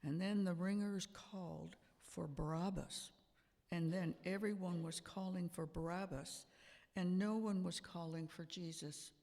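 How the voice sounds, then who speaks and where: A man's voice: high voice, steady tone, vocal fry, a little mellow. A man playing Pontius Pilate, a defensive Roman governor justifying himself on the witness stand in a church play. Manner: slow, deliberate, emphatic storytelling. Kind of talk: amateur church drama. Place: church sanctuary. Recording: long church hall reverb.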